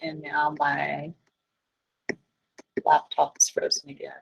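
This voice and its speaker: A woman's voice: low-pitched, completely flat delivery, slow, gravelly, breathy edge, low-quality recording. A woman chemistry teacher giving a class lecture, chatty and self-deprecating, getting flustered by tech trouble.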